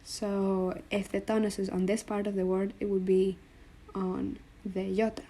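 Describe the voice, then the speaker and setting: A woman teaches Greek letter pairings at a board in a warm, medium-pitched voice with little pitch movement. Slow and patient, she spells each sound out and repeats it so the learner can follow.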